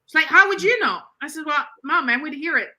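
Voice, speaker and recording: A middle-aged woman telling a story in casual conversation, animated and acting out the voices she quotes. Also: high voice, brisk. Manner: animated, acts out quoted voices in her stories. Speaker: author and guest on a talk show.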